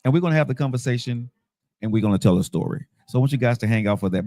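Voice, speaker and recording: A man's voice: lowish voice, a little mellow, dry recording. A man in his fifties hosting a livestream talk show, upbeat and motivational, ending his lines with "right?". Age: 50s. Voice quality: bald-headed. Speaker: host.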